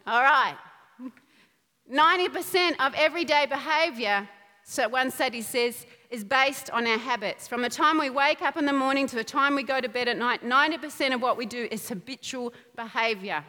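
A woman preaching a sermon in an animated, emphatic way, often laughing, with her voice ringing out in an echoey hall. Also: high-pitched, normal speed.

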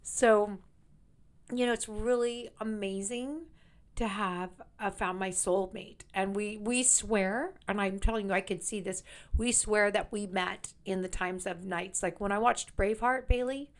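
A woman's voice: mid-range voice, steady tone, measured pace. Chatty, emphatic woman telling stories. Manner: chatty, emphatic, rambling storyteller. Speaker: psychic medium guest. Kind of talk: casual podcast chat.

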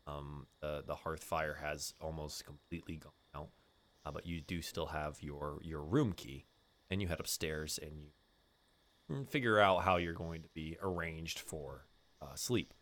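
A man narrating as game master of a tabletop game in a relaxed, halting way over an online call. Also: a bass voice. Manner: relaxed, halting, many fillers. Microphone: online call microphone.

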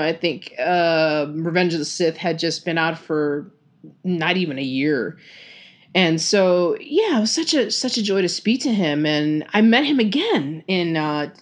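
A woman with a Texan accent telling fan stories on a casual podcast, chatty and full of fillers and laughs. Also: fairly low pitch. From Texas. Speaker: podcast host.

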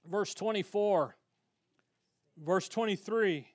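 High-voiced folksy male Bible teacher. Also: slow pace. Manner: folksy, conversational, with slangy asides; emphatic when stressing key points. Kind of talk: evening Bible study teaching.

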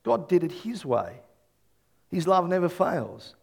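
A male pastor preaching an animated sermon, telling stories and rising to loud bursts. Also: high voice, slow pace, vocal fry, breathy edge.

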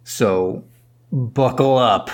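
A man's voice: mid-range voice, extremely slow. Rambling man recapping a movie. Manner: rambling, acts out characters' lines, swears casually. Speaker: podcast co-host. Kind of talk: casual movie recap chat.

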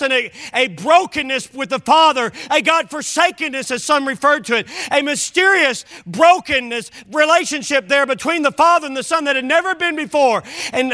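A male pastor preaching an impassioned sermon, often shouting and calling listeners "friend.". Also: very high voice.

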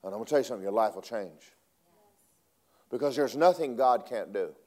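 A man preaching a sermon, swinging between loud emphatic lines and hushed asides. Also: on the low side, fairly quick.

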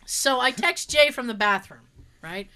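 Woman, high voice, casual storytelling, animated, swears freely. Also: measured pace. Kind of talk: casual anecdote telling.

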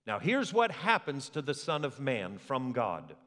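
A man preaching a sermon as a pastor, with lively rhetorical questions to the congregation. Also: mid-range voice, measured pace. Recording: long hall reverb.

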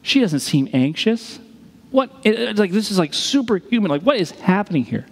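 A man voicing an anxious, puzzled woman schoolteacher who keeps asking excited questions. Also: high voice, moderate pace, husky, in a large hall, voice pushed up, exaggerated voice.

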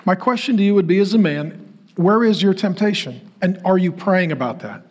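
A man's voice: high-pitched, expressive, fairly quick. A middle-aged man preaching a sermon, telling a personal story and then building to emphatic repeated questions. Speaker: pastor.

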